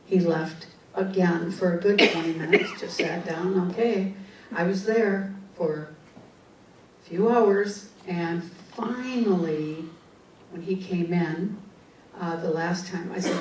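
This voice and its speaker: A woman who works as a psychic, telling a personal story in an animated, conversational way and acting out the dialogue. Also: lowish voice, measured pace, a little hiss or hum. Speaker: psychic and ghostbuster. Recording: roomy, distant mic, faint ambience.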